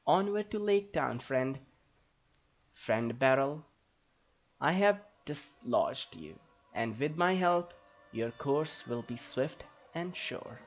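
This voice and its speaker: A man's voice: a little high, gravelly, full character voice. A man reading aloud the lines of a proud, helpful female raft elf trader in a fantasy game, in a stately tone. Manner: stately read-aloud dialogue. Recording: slightly dull audio, faint game music.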